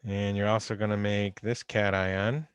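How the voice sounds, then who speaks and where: A man's voice: lowish voice, level tone, measured pace, clean tone, dry recording. Man teaching chemistry over video call. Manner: conversational, repeats key points, stresses warnings. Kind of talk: recorded online lecture. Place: home or office on a video call. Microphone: computer microphone.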